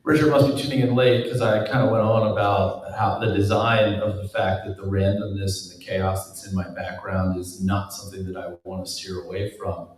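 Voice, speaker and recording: A man's voice: deep voice, level tone, moderate pace, few pauses. A man on a live panel, speaking in a dry, teasing way. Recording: echoey room heard from far off.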